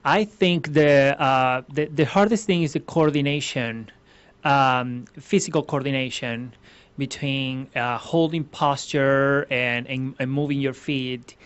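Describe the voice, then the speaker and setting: Smooth and steady, this man's medium-pitched voice runs a little slow. A ballroom dance instructor from Venezuela, he answers interview questions earnestly and explains things step by step, restarting often. Slightly muffled lo-fi sound.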